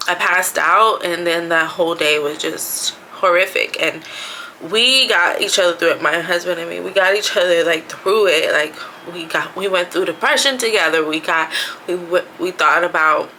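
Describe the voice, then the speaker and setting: A woman's voice: lowish voice, normal speed, bright, forceful tone, a little hiss or hum, poor audio. A woman vlogging from her bathroom at home, talking casually about her pregnancy with lots of "like" and "you know". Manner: chatty, frequent fillers "like" and "you know". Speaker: vlogger, expecting mother. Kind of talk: casual chatty vlog.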